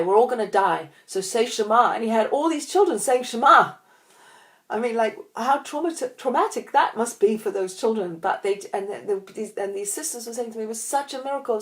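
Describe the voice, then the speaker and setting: A woman giving a spoken Torah class, animated and conversational, often restarting her sentences. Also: on the low side. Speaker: Torah teacher.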